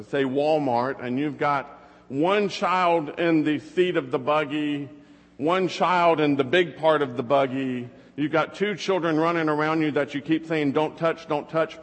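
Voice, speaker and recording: A man's voice: a little high, a little slow. Fatherly pastor preaching in a reverberant hall. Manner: conversational storytelling with rhetorical questions. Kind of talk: sermon.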